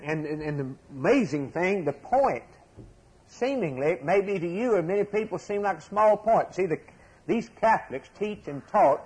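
Preacher, man, husky and slightly high, impassioned sermon storytelling, loud peaks and hushed lows. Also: low-quality recording. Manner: impassioned storytelling, swinging from loud emphasis to low hushed asides.

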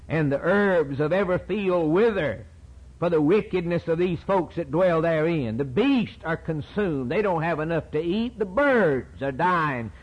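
A man's voice: high-pitched, poor audio. A man preaching a sermon with impassioned delivery, reading scripture aloud and voicing a prophet's prayer.

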